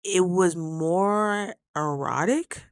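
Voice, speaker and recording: A woman vlogger telling stories to camera in a casual, animated, slangy way, acting out the voices of the people in them. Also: fairly low pitch, extremely slow, clear, resonant tone, dry recording, studio quality.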